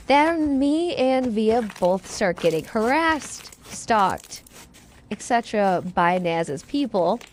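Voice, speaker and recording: A woman talking straight to her viewers in a casual vlog monologue. Her voice sits a little high, and she tells her story bluntly, step by step. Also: slight background noise. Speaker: streamer telling her side of a dispute.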